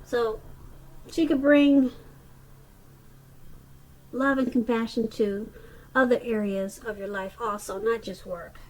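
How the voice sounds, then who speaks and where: A woman's voice: on the high side, fairly even intonation, slow pace, pauses often, poor audio. A woman giving a casual tarot reading, chatty and loose, often restarting sentences and saying "okay". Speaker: tarot reader.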